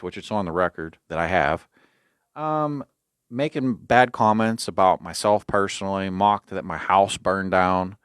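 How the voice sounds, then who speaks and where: Host, male, lowish voice, animated sarcastic storyteller, dry close recording. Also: clean tone, no echo. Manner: animated storyteller acting out quoted exchanges, sarcastic. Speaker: podcast host. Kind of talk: storytelling, recounting a dispute.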